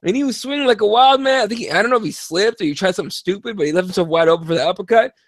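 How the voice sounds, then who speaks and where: A tired man co-hosting a casual sports podcast, talking in a profane, animated and rambling way. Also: high voice, rapid-fire, dry recording, clean studio sound. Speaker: podcast co-host.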